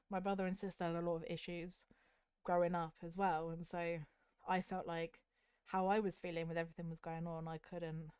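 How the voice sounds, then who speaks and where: Soft-spoken Southern English woman streamer. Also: fairly low pitch, clear, resonant tone, dry recording, clean studio sound. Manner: soft, candid and self-critical, with hesitant restarts. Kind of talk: casual chat with stream viewers.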